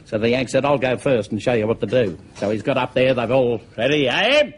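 A man's voice: medium pitch, lively intonation, brisk. This is an Australian man spinning a yarn at an easy pace, with a mid-range voice. He strings his joke together with one "he said" after another. Faint noise hangs behind the TV studio sound. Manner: easygoing yarn-spinning with many "he said" tags. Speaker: comedian. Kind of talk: stand-up joke telling.

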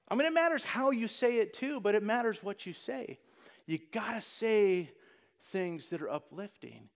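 A pastor in his forties preaching a sermon, joking and telling stories in an animated way. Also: moderate pace. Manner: joking, animated storytelling with put-on high voices.

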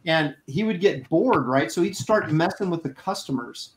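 Man, slightly higher voice, amused, relaxed anecdotes, casual chat. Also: moderate pace, background noise. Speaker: co-host artist. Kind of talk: casual chat while drawing.

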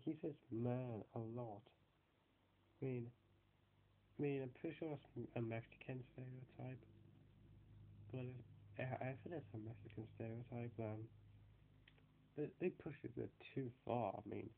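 A man's voice: medium pitch, fairly even intonation, measured pace, creaky, pauses often, slight background noise. Rambling man on a tinny line. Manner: rambling and hesitant, many fillers and restarts. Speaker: YouTuber reviewing film characters. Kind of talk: casual spoken review. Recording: tinny phone-like sound.

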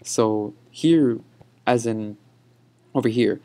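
A young man giving a patient pronunciation lesson over slides, repeating words slowly for practice. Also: medium pitch, vocal fry, warm tone. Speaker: teacher.

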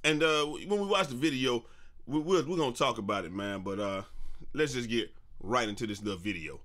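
A man hosting a casual gaming news vlog, talking in an energetic, slangy, sing-song way. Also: mid-range voice, fairly quick.

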